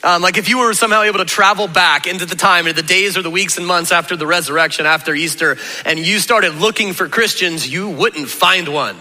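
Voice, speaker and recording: A high, very bright male voice carries a conversational, animated sermon, with the pastor slipping into the voices of Jesus and his doubting listeners. The sound rings through a large, reverberant hall. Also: brisk, hardly any pauses. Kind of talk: energetic sermon.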